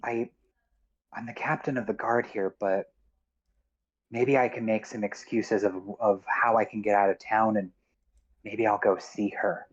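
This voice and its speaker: A man's voice: lowish voice, steady tone, a little slow, long pauses, muffled recording. A man voicing a stern woman captain of the town guard who barks orders.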